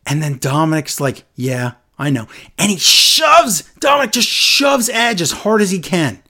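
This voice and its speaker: A man chatting casually on a podcast, animated and acting out quotes in a lowered voice. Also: measured pace. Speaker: podcast co-host recapping wrestling. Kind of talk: casual chat.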